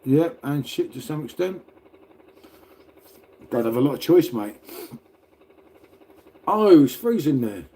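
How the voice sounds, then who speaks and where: A man's voice: fairly high pitch, big pitch swings, slow, pauses often, dark tone. A middle-aged man chatting casually on a livestream, rambling, laughing and swearing as he talks to viewers from home. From Britain. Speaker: livestreamer reading chat. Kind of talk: casual live chat. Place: indoors at home next to a radiator.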